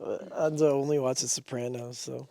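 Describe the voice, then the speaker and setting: A young man co-hosting a podcast, chatting loosely and jokingly, quick to laugh, on a close mic. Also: medium pitch, little pitch movement, creaky, mellow, dry recording. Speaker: podcast co-host. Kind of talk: casual chat.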